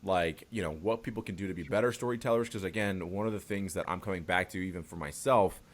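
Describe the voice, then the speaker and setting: Male podcast host, deep voice, laid-back conversational delivery with casual profanity. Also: fast. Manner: relaxed, swears casually, laughs often. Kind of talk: casual interview chat.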